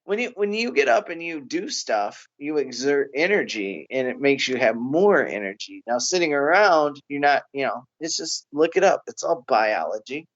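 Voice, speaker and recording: A man's voice: fairly high pitch, animated, normal speed, hardly any pauses, muffled recording. A man co-hosting a comedy podcast, rambling and hesitant in casual banter. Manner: rambling, hesitant, lots of restarts. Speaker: podcast co-host.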